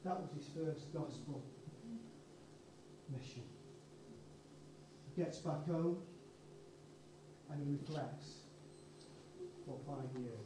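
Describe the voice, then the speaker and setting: A man's voice: fairly high pitch, slow, pauses often, noisy background. A man preaching a sermon, telling a story and acting out the people in it. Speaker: pastor. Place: church hall. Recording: echoey church hall, mic far off.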